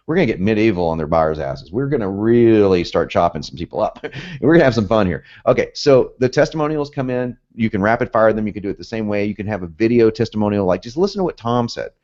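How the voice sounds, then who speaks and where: A low-pitched man with a blend of Southern and Northern American accent teaches a recorded sales course. He sounds salesy and very lively, and his pitch swings widely as he punches key phrases. The recording is dull and lo-fi. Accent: mix of Southern and Northern US. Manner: animated, salesy, jumps up loudly on key phrases. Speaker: marketing instructor.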